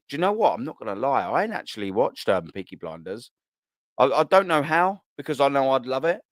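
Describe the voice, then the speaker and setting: A medium-pitched man in his thirties, a Londoner from England, hosts a live stream and reads comments in relaxed, slangy banter, laughing easily. No room sound can be heard.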